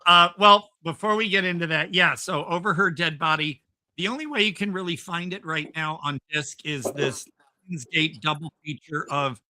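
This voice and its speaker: A man's voice: mid-range voice, sharp tone, no echo. A man hosting a casual podcast chat, talking in an enthusiastic, rambling way with lots of "um"s and restarts. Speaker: podcast host.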